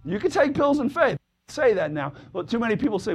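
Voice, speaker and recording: A man's voice: high voice, very animated, quick pace, background noise. A man preaching a fervent sermon in church, calling out to the congregation and breaking into hallelujahs. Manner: fervent, calls out brother, sister, shouts hallelujah. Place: church service with congregation responding.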